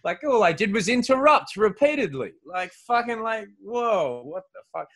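An Australian man chats casually and crudely, with a slightly high voice. He rambles, swears constantly and laughs often. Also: sing-song, moderate pace, a bit bright.

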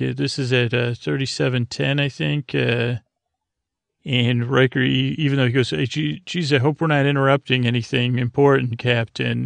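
A man's voice: medium pitch, vocal fry, no echo. A man hosting a podcast, giving a loose, meandering recap of an episode with many fillers. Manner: meandering, lots of uh fillers, paraphrases dialogue loosely. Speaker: podcast host.

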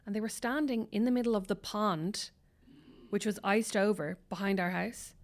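A woman, chatting as a podcast guest and telling lively stories with quoted asides. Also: medium pitch, normal speed. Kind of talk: casual chat.

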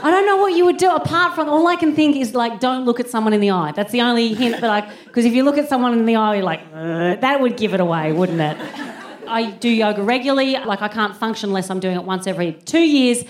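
A woman's voice: on the high side, quick pace. A woman and podcast host performing live stand-up in a theatre, sardonic and punchy, swearing and chatting with the audience. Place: theatre stage before a laughing audience. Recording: roomy live venue, audience noise.

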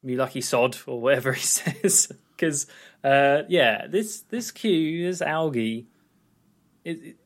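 A man's voice: fairly high pitch, animated, slow pace. A man co-hosting a film podcast, recapping scenes in a loose, rambling chat. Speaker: podcast co-host. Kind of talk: casual film review chat.

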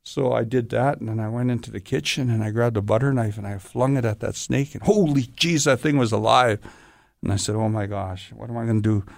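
A stunt performer in an interview, telling long rambling stories in a casual way and often saying "you know". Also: male voice, mid-range voice, fairly quick, gravelly, dry recording, clean studio sound.

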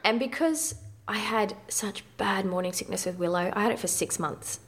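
Her voice is medium in pitch at a normal speed. She is a thirtysomething guest in a candid personal interview, frank and conversational and given to mild swearing.

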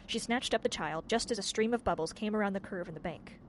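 A woman narrating a storybook in an expressive, measured way. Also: medium pitch, slight background noise. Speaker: audiobook narrator.

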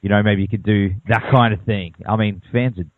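A man's voice: lowish voice, steady tone, a little fast, no echo. A man interviewing a guest in a chatty, fan-like way, using casual slang. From Australia. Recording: tinny phone line.

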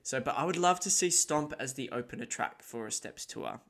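A man with a bright, forceful mid-range voice co-hosts a podcast. He talks in an excitable, animated way during the casual back-and-forth with his co-hosts. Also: mid-range voice, brisk, creaky. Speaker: podcast co-host. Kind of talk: casual chat.

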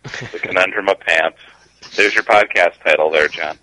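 A man's voice: deep voice, normal speed, pushed and bright, rough recording. A man chatting on a podcast, gleeful and boastful. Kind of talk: casual chat.

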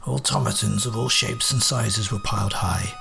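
A man's voice: fairly low pitch, normal speed, creaky, fairly bright tone. A man voicing a cool, sardonic detective who speaks in clipped, precise Victorian diction.

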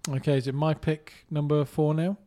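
A man from England co-hosting a casual movie podcast, jokey and quick to laugh. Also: a little high, flat delivery, mellow. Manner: jokey, laughs often, slips into put-on voices. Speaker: podcast co-host.

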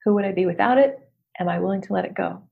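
A middle-aged woman who works as a business coach, talking in a candid, animated, self-deprecating way and laughing often. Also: medium pitch, fast talker, gravelly, phone-quality sound. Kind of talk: casual motivational talk.

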